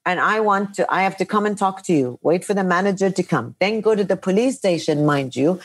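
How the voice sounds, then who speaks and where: A middle-aged woman with a slightly low voice tells a long story on a podcast. She chats casually and is animated and exasperated as she retells each step. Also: a little fast. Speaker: podcast host.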